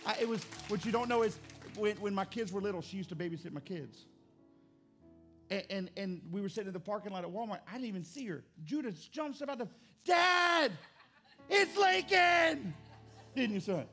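A man preaching a sermon as pastor, fervent, moving between quiet and loud. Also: high voice, animated, fast, faint music behind. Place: church.

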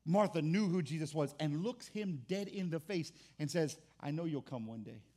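Man, high-pitched, a pastor preaching with fervor in a chatty way. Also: expressive, moderate pace, mellow. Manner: impassioned and conversational, with restarts. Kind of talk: sermon.

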